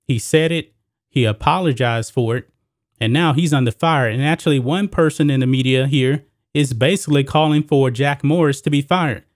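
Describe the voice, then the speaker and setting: Man, sports commentary host, mid-pitched voice, dry close sound, casual and direct. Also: moderate pace, no room sound. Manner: casual, addresses viewers as guys and folks. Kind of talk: solo sports commentary with a read ad.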